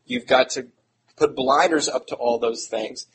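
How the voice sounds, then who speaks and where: A man's voice: medium pitch, unhurried. A middle-aged man preaching a sermon in an earnest, conversational way, with self-deprecating asides. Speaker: pastor. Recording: audible background noise.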